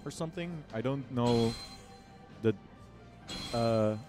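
A man streaming a game, joking at his own expense and drifting into little hums as he plays. He talks slowly over a desk mic, with the game's music clearly playing under him. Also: medium pitch. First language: Dutch. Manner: goofy, self-mocking, breaks into humming. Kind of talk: casual let's-play chat.

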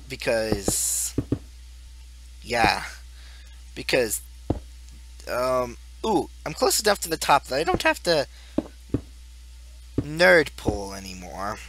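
Young male gaming YouTuber, slow and singsong, giggly, rambling commentary over faint noise. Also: a little high, huge pitch swings, a bit bright. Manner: rambling, goofy, laughs at his own jokes. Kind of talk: casual Let's Play commentary.

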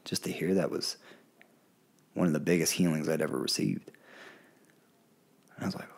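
Podcast guest, male, very low voice, earnest storyteller. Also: fairly even intonation, normal speed, gravelly, pauses often, husky. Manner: candid, earnest, acts out quoted voices. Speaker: podcast guest, plant medicine guide. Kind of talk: casual storytelling in an interview.

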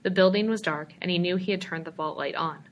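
A woman reading a story aloud in a measured, expressive narration. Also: on the low side, dull audio, slight background noise. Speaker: reader.

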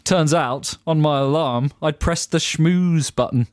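A man's voice: on the high side, measured pace, no echo. A man co-hosting a radio show, reading out listener jokes in casual banter with a dry, playful, giggly manner. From England. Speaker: radio co-host. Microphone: studio microphone.

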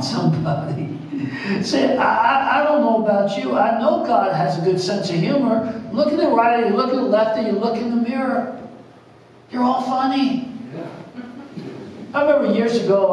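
A man's voice: very high voice, darkish tone, distant mic, slight background noise. A middle-aged man preaching a sermon, telling jokey stories and laughing often. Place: church sanctuary. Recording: echoey church hall, preacher off-mic.

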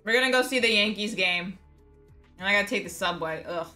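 Bright-voiced teasing young woman. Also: medium pitch, a little fast, faint music behind. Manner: teasing, chatty. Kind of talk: casual chat.

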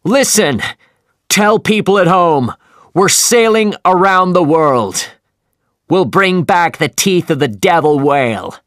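A man voicing a fierce, obsessed old sea captain who shouts his commands in an audiobook. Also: high-pitched, lively intonation, slow pace, dry recording, studio quality, pitched above the performer's own voice, heavily acted. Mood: shouting. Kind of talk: audiobook character voice.

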